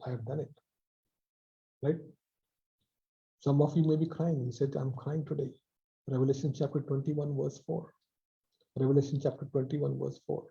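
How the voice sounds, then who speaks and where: A man preaching a sermon over a video call, repeating phrases with emphasis and dropping softly at line ends. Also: medium pitch, creaky, highs cut off. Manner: repetitive, emphatic with soft drops.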